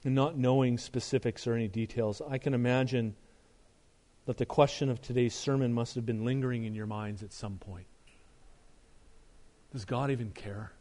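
A middle-aged male pastor preaching a sermon, emphatic, asking rhetorical questions and dropping to a soft, earnest tone. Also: medium pitch, fairly even intonation, a little fast.

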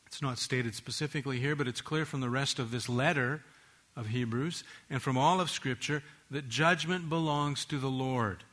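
Bright-voiced man preaching a sermon. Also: mid-range voice. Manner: earnest, measured preaching with slowed emphasis on key phrases.

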